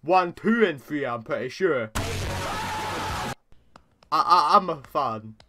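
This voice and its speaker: A man's voice: a little high, very animated, slow, noisy background. A teenage boy doing casual reaction commentary as host, stammering and repeating words, laughing often.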